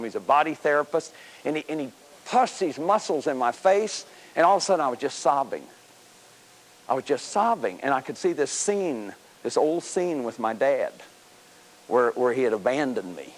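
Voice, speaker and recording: A man in his fifties giving a self-help lecture, emphatic and repeating words as he drives points home. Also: fairly high pitch. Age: 50s. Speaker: speaker on healing the inner child.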